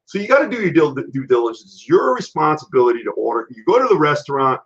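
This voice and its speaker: A man with a fairly high pitch and a quick pace runs a laid-back health show over live-stream. He rambles through blunt, animated stories, and the audio is dull and lo-fi.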